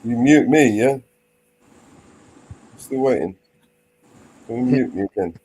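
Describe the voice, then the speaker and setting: A man's voice: mid-range voice, animated, slow, warm tone, slightly rough. A man hosting a live stream in casual chat, with blunt, crude banter. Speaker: livestream host.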